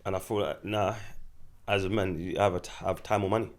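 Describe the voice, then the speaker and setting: A man's voice: low voice, steady tone, fairly quick. A man who is a DJ, a podcast guest speaking in casual chat.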